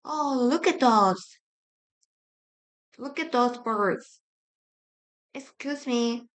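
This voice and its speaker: Slow halting woman reading drill lines. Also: a little high. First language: Korean. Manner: slow, repeats each sentence, halting restarts. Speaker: study-with-me streamer. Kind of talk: reading grammar drill sentences aloud.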